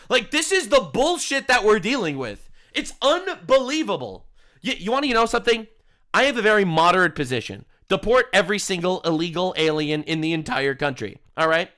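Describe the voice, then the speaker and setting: A man's voice: high-pitched, pushed and bright. A young man ranting in a mocking, heated way while reacting to clips, laughing between lines.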